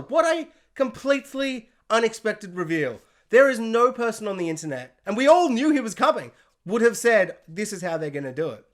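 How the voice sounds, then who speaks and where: A man alone in his room, giving an excited spoiler review rant to his camera. He talks emphatically and swings from loud outbursts to low mutters. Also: unhurried. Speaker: pop culture reviewer and podcast host. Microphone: camera mic.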